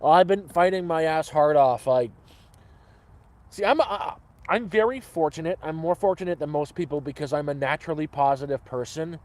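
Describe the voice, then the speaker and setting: A man chats loosely to his live-stream viewers, wandering from one thought to the next in an upbeat, profane way. His voice sits a little higher than most men's. He talks out at his camp. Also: normal speed, darkish tone. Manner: rambling, upbeat, swears freely. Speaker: cooking stream host.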